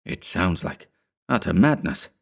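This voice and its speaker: A man's voice: deep voice, lively intonation, unhurried, gravelly, heavily acted. A man voicing the skeptical male storyteller, speaking tensely and dismissively.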